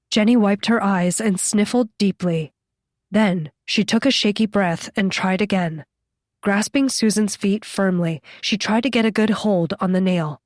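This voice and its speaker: A woman reading an audiobook as its narrator, in a measured, scripted delivery. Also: medium pitch, fairly even intonation, no room sound, clean studio sound.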